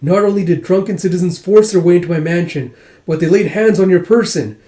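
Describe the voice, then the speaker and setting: A man's voice: a little high, fairly quick. A man reading aloud as a flustered, apologetic young lord who raises his voice. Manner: excitable, raised voice. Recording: roomy echo.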